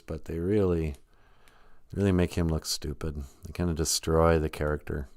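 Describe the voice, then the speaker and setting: Joking low-voiced man hosting a stream. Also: darkish tone, dry recording, clean studio sound. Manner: joking, rambling, laughs often. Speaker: live stream host. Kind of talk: casual comedic live-stream chat.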